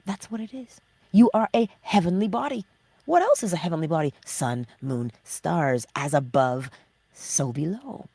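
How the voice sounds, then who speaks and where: Female inspirational host, husky, dry close sound, questions and answers herself, lively swings in pitch. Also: moderate pace, no echo. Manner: asks rhetorical questions and answers them herself; drops into hushed, whispered emphasis. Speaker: host of a morning inspiration livestream. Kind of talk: motivational spiritual talk.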